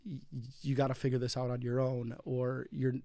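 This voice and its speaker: A man's voice: mid-range voice, little pitch movement, a little fast, dark tone, no echo. A man talking as a guest on a podcast, rambling in casual chat with frequent laughs and restarts.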